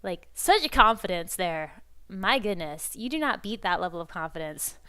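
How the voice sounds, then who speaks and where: A woman's voice: mid-range voice, expressive, normal speed, bright, forceful tone, smooth. A woman hosting a podcast in casual chat, rambling with bubbly fan enthusiasm. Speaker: podcast host.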